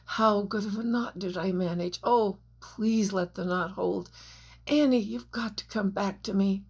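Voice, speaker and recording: A desperate young man clings to a mountain edge, crying out loud pleading shouts, as a woman narrator voices him. The delivery is unhurried and measured, with an even middle pitch. It sounds like a read storybook. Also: vocal fry, slightly rough.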